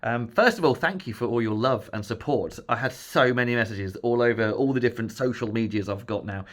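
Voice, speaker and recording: A man's voice: mid-range voice, fairly quick. A man vlogging, telling stories about his hospital visits in a chatty, joking, self-mocking way. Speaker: vlogger sharing his health journey. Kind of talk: casual storytelling to camera.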